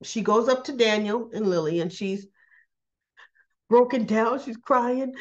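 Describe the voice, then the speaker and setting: A woman hosting a casual soap opera recap, chatty and quick to act out the characters' lines with little laughs. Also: on the high side, a little mellow, highs cut off. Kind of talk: casual chat.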